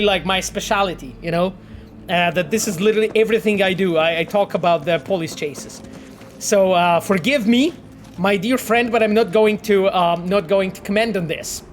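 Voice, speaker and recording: A man's voice: high voice, slight background noise. A man streaming a game he helped make, chatting casually with viewers and thinking aloud with lots of fillers and swearing. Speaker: game developer streaming gameplay. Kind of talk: casual livestream commentary.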